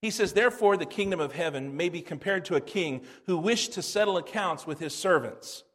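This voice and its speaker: High-voiced pastor preaching a lively sermon. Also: male voice, brisk. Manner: animated storytelling, laughs at his own anecdotes; drops low and soft when reading scripture.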